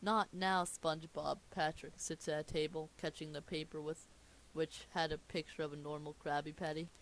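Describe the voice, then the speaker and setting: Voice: mid-range voice, little pitch movement, a little fast. A casual reader narrates stage directions from a cartoon script. They ramble, comment on their own mistakes and break off into asides. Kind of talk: casual comedic script reading.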